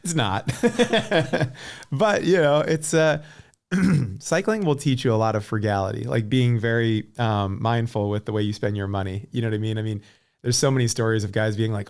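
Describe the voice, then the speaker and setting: A middle-aged man as a podcast guest, telling stories in a relaxed, casual way with lots of fillers. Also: fairly low pitch, moderate pace, smooth. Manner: relaxed storyteller, many fillers like and uh. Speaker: podcast guest, former pro cyclist. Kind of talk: casual chat.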